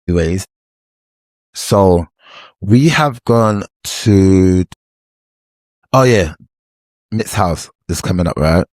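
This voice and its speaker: A young man, a former reality show cast member, telling a slang-heavy story in an animated, repetitive way. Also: sits low, takes it slowly, long pauses, no echo, studio quality. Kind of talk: storytime vlog.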